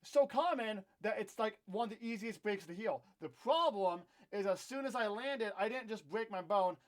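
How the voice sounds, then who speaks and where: A young man with a notably high speaking voice tells a casual storytime vlog straight to his camera. He rants candidly and often pokes fun at himself. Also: expressive, normal speed. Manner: candid, ranting, self-deprecating. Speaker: vlogger. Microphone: own camera.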